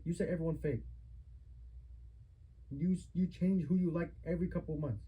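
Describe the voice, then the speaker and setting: A man's voice: a little high, steady tone, moderate pace, husky, lo-fi sound. A man, an adult son, confronting his mother in a heated family argument recorded on a phone, lecturing her with repeated rhetorical questions.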